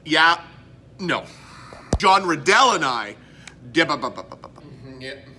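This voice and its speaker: Canadian male vlog host, high bright voice, rambling and chatty. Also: sing-song, extremely slow, a little hiss or hum. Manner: rambling, self-interrupting, chatty. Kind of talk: casual collectibles show-and-tell.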